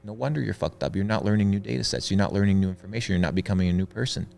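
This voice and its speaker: A man's voice: lowish voice, very fast, creaky, darkish tone, soft background music. A young man talking in an interview, preachy and emphatic, repeating his points for effect. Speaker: guest. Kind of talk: motivational interview talk.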